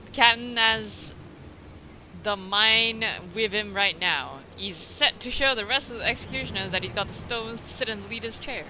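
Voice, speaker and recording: A woman's voice: fairly high pitch, bright, forceful tone, slight background noise, rough recording. Woman voicing a sneering pirate marauder. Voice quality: rough, old-fashioned pirate slang. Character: gruff swaggering pirate marauder man, taunting. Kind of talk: reading game dialogue aloud.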